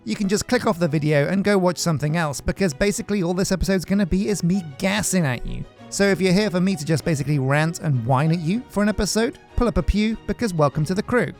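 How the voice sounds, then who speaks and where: A man hosting a gaming video, giving casual gameplay commentary in a joking, rambling, self-mocking way. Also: sits high. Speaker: gaming channel host.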